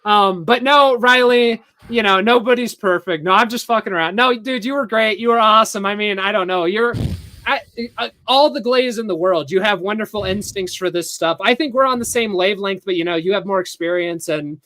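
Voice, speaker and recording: A man's voice: sits high, a little fast, sharp tone, no echo, clean studio sound. A man hosting a podcast, chatting casually and mockingly while reading chat messages aloud and laughing. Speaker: podcast host.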